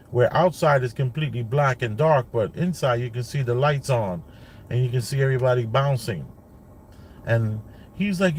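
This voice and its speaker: A man's voice: mid-range voice, darkish tone, slight background noise. A father telling a family story in a casual, rambling way, full of like and you know, while sitting in a car. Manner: rambling, lots of like and you know, repeats himself. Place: inside a car.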